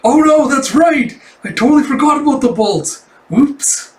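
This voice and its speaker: A bright, scatterbrained little schoolgirl chirps high and slow, as a man puts her on. She sounds airy and innocent. The voice is heard from a distance in an echoey room. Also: lively intonation. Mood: chirpy. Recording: roomy, distant mic.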